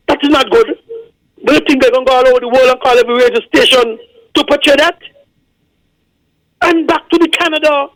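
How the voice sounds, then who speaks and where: A man's voice: very high-pitched, fairly bright tone, dry recording. A man with a Kittitian accent calling in to a radio show, insistently repeating his indignant points. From Saint Kitts and Nevis. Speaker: caller. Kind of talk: call-in radio rant. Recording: dry phone line.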